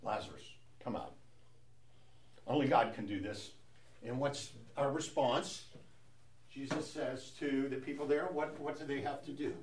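A man's voice: medium pitch, steady tone, moderate pace, a little hiss or hum. A man leading a Bible study, explaining scripture in a conversational way and often asking rhetorical questions. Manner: conversational, asks rhetorical questions with frequent "right?".

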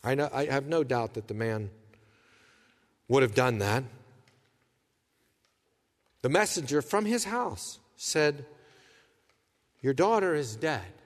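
A man's voice: mid-range voice, expressive, slow pace, long pauses, long reverb tail. A man preaching a sermon, reading scripture and voicing anguished questions with earnest intensity. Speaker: pastor.

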